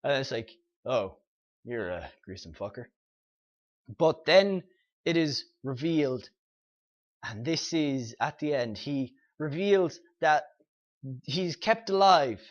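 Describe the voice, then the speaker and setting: A man's voice: a little high, expressive, takes it slowly, lo-fi sound. A man hosting a comic review show, casually retelling the plot with lots of fillers and quoted dialogue. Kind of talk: casual spoken recap and review.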